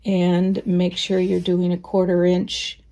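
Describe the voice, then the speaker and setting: A woman teaching quilting in a relaxed, chatty way, thinking aloud as she sews. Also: on the low side, takes it slowly. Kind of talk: casual sewing tutorial.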